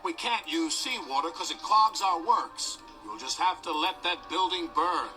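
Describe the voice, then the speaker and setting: A man's voice: on the high side, expressive, measured pace, sharp tone, faint music behind, heavily acted. A man voicing a harried male fireman in a children's storybook, urgent and worried.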